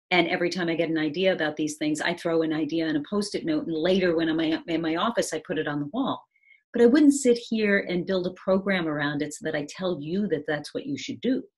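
A woman with a fairly low, breathy-edged voice reflects on resilience and change over a video call. Her talk is conversational, and she often checks in with "right?".

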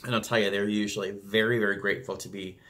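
Bright-voiced chatty male flight attendant. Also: fast. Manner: chatty and animated, acts out passengers with pitch jumps. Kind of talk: casual talk to camera.

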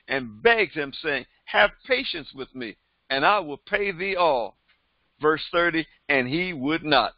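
A man with a notably high voice delivers a Bible-teaching sermon. He moves between reading scripture and retelling it in everyday speech, repeating points and addressing his listeners directly. The recording is dry and slightly dull, with a lo-fi quality. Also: no echo. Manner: reads scripture aloud, then retells it in plain everyday speech. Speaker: pastor.

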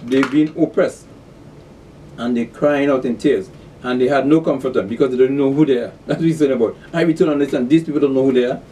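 A man teaching a scripture class. He reads verses aloud slowly and then explains them, repeating key words and asking fill-in questions like "the what?". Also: medium pitch, steady tone, warm tone, far from the mic, slight background noise.

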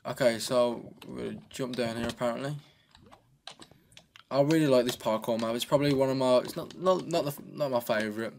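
A man narrating his gameplay in a loose, joking way, often coaxing himself along as he plays. His voice sits at an ordinary middle pitch and comes through a desk microphone, with faint keyboard clicking behind him. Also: brisk, gravelly, darkish tone, a little hiss or hum. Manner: chatty and joking, talks to himself. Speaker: gaming channel host. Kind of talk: casual gameplay commentary.

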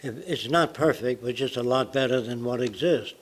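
A man's voice: mid-range voice, normal speed, poor audio. A man in his nineties giving a public lecture in a blunt, provocative way. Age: 90s.

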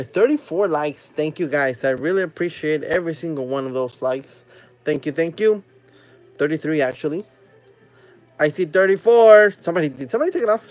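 A man hosting a live stream, opening trading card packs with excited casual commentary, humming while he opens them and chatting with viewers. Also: fairly high pitch. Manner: chats with viewers and reads their comments aloud.

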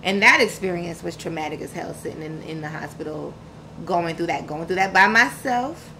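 Frank and slangy, a woman guest on a podcast shares her personal story, bringing it to life with quoted dialogue and emphasis. She speaks at a moderate pace in a fairly low, gravelly, pushed and bright voice, and the rough recording carries a little hiss or hum.

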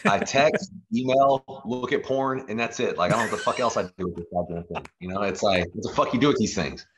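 A man's voice: fairly low pitch, fairly quick, slight background noise. A man, chatting as a guest in a laid-back, profane way. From Texas. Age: 40s. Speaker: guest actor. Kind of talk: casual interview chat.

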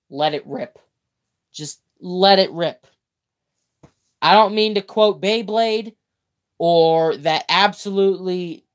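A young man hosting a livestream, reading a comic book aloud in a playful, theatrical way, with chatty asides, drawn-out words and self-corrections. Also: sits high. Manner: playful, theatrical reading with mock-grand exclamations. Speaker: livestream host.

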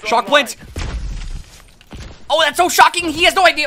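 A gaming video creator giving live gameplay commentary, excitable, swearing and laughing often. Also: high-pitched, normal speed.

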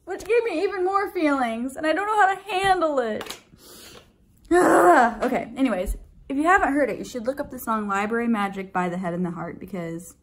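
A woman's voice: high voice, lively intonation, normal speed, low-quality recording. A woman vlogging casually at home, chatty and gushing. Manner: chatty, gushing, baby-talks to her dog. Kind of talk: casual vlog chat.

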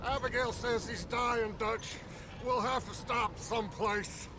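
A weary outlaw leader pushes his gang on, urgent and worn down. He speaks slowly in a fairly high voice, with heavy storm noise over the game audio. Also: steady tone.

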